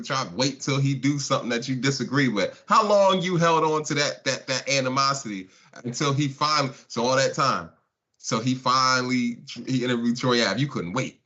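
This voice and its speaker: A man's voice: medium pitch, bright, forceful tone. A man hosting a live stream, talking casually and mocking his chat with laughs. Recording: dull lo-fi stream audio.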